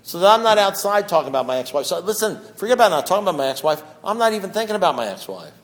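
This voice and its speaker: A middle-aged man giving a twelve-step recovery testimony, talking in a loose conversational way with lots of fillers, dropping low and hushed, then rising to loud, raised outbursts. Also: big pitch swings, rapid-fire. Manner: conversational, fillers like "you know" and "deal", mimics voices. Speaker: recovering alcoholic sharing at a meeting.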